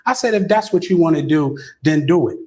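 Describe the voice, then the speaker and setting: Middle-aged man, fairly high voice, animated storytelling, repeated "right?", stammered restarts, lifts his voice when quoting others. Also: brisk. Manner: keeps asking "right?" with frequent stammered restarts. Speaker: interview guest.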